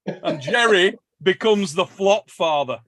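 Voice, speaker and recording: Higher-voiced English man reading super chats. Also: expressive, slow, a bit bright, no room sound. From England. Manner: jokey, laughing, calls people mate. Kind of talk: casual chat.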